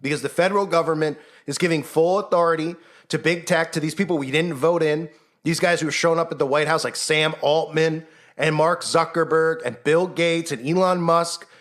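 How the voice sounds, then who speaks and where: An online commentator delivers fervent, sarcastic commentary, mimicking the voices of the people he mocks. His voice is a little high and a bit bright, with fairly even intonation and a slightly fast pace.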